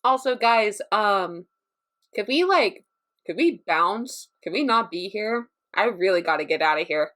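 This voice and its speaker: A woman's voice: medium pitch, lively intonation, a little slow, fairly bright tone. A woman playing a tabletop game who sounds comically anxious and pleading. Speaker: player. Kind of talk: casual tabletop play.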